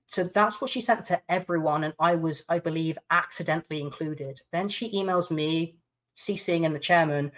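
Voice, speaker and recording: A man's voice: fairly high pitch, moderate pace. A man from the UK, a podcast guest who indignantly recounts a personal dispute and reads out emails aloud.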